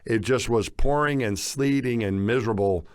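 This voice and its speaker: A middle-aged man co-hosting a podcast, telling a story casually with lively chuckles. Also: medium pitch, normal speed, smooth, no echo, studio quality. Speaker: podcast co-host.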